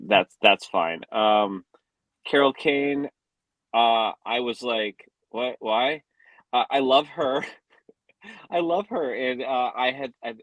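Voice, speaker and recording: A man on a podcast co-host panel, talking casually and excitedly, often breaking into laughter. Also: lowish voice, no room sound, poor audio. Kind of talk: casual fan discussion.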